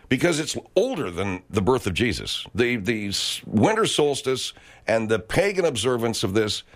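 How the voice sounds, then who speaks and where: American male radio host, profane rant, very lively pitch swings. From United States. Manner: swearing, rambling, emphatic. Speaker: talk show host.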